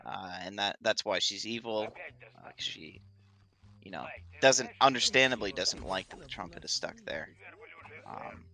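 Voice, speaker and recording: A man's voice: lowish voice, normal speed, bright, forceful tone. A man casually commentating a speedrun relay, explaining game lore and laughing along with his co-commentators. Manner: chatty, laughing often, explanatory.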